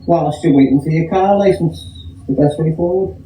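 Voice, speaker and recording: A man's voice: on the high side, normal speed, dark tone, a little hiss or hum. A man giving matter-of-fact advice in a self-filmed clip. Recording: roomy, distant clip with faint music.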